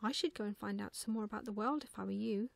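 A woman's voice: medium pitch, fast talker, creaky, no echo, lightly acted. Whispered role-play: woman as a sleepy, kind mother owl, soothing, dry close sound. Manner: drowsy and soothing.

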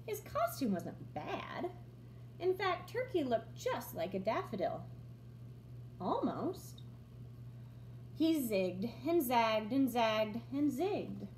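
Brief: woman teacher, lively storybook reading, slightly high voice, roomy echo. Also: slow, long pauses, slight background noise. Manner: expressive, storytelling. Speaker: first grade teacher. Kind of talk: reading a picture book aloud.

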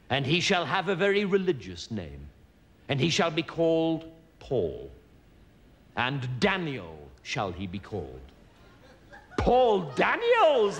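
A man playing a solemn vicar who reads a mock gospel lesson in a measured church cadence, on a live stage. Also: mid-range voice, full character voice. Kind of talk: live stage sketch, mock scripture reading. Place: theater stage with audience. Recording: live stage recording with loud hiss.

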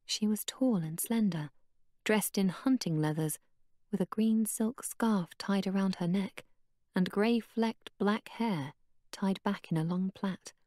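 A woman narrating an audiobook in a steady, even storytelling manner. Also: medium pitch, a little slow, dry recording, clean studio sound. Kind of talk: scripted narration.

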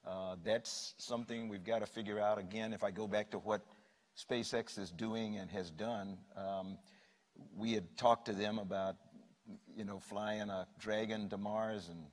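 An older man on a panel, answering in a measured way and thinking aloud. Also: on the low side, steady tone. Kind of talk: panel discussion. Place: conference hall. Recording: echoey hall.

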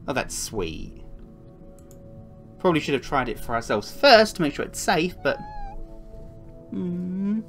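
A low-pitched woman gives live gameplay commentary, her voice swooping up and down as she chats. She coos at the cats on screen and giggles as she goes. Faint game music plays behind her. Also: big pitch swings, unhurried, pauses often. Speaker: streamer playing a puzzle game.

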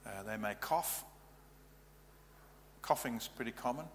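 A man's voice: medium pitch, animated, takes it slowly. A male pastor giving a practical, matter-of-fact teaching sermon in a church. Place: church hall. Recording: reverberant hall, faint hum.

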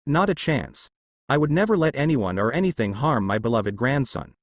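A man voicing an older grandfather who speaks calmly and with assurance. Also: mid-range voice, moderate pace, no echo.

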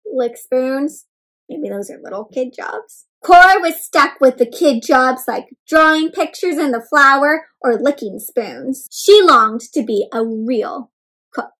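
High-voiced woman reading to children. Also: takes it slowly. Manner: animated, asks children questions, gasps. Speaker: children's storyteller. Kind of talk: interactive read-aloud for kids.

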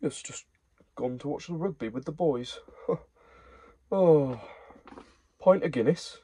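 A man's voice: on the high side, animated, slow, mellow, slightly rough, pitched above the performer's own voice, exaggerated voice. A man putting on a posh southern rugby lad. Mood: jokey posh. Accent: posh southern English put-on. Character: posh young male private-school rugby lad.

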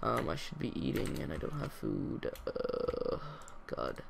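A teenage boy casually commenting on his own gameplay, talking to himself in a rambling way with sudden excited outbursts. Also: sits low, unhurried, vocal fry, slight background noise. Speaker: gaming channel host.

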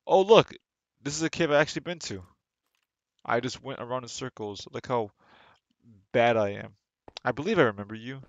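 A man's voice: medium pitch, fairly quick, long pauses, dry recording, highs cut off. A young man streaming a game live, rambling casually to himself and his chat, often restarting his sentences, on a desk microphone at home. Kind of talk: casual live gameplay commentary. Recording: game music under the voice.

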